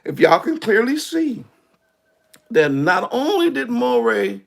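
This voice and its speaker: High, lively, gravelly preacher man. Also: slow. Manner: animated, laughing, shouting at peaks. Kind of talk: sermon storytelling.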